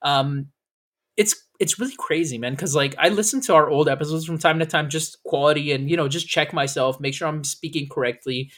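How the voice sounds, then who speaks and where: A man co-hosting a casual podcast, talking fast, swearing and laughing often. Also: on the high side, fairly bright tone. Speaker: podcast co-host.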